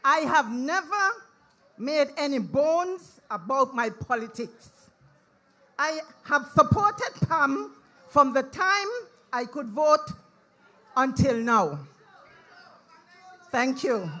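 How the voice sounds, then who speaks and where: A woman's voice: high voice, very animated, takes it slowly, pauses often, bright, forceful tone, low-quality recording. Woman rousing a rally crowd. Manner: call-and-response, crowd-rousing. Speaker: rally speaker, party supporter. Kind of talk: rally speech. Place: outdoor political rally.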